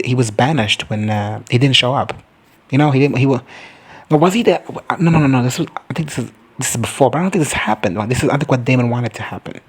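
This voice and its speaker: A man's voice: mid-range voice, husky. A young man recapping a TV episode in a profane, chatty comedy style, jumping in and out of silly character voices. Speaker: reaction video host.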